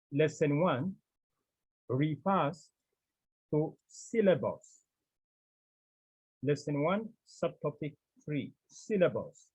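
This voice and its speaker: A man teaching a class, speaking slowly and repeating key terms as he explains step by step. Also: on the high side, breathy edge, dull audio. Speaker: Greek teacher. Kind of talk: classroom lesson.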